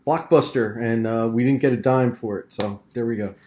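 A man's voice: mid-range voice, moderate pace, warm tone. A man co-hosting a podcast in casual chat, effusive and jokey. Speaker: podcast co-host.

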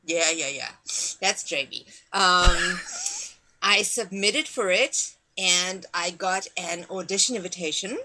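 A woman actress as an interview guest, telling a story in a lively way with frequent fillers. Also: on the low side, slow pace, a little hiss or hum.

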